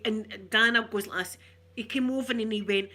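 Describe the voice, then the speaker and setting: A woman with a Glaswegian Scottish accent chatting casually, a rambling storyteller who laughs often and slips into soft asides. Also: medium pitch, normal speed. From Glasgow, Scotland. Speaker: ASMR vlogger. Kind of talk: casual chat.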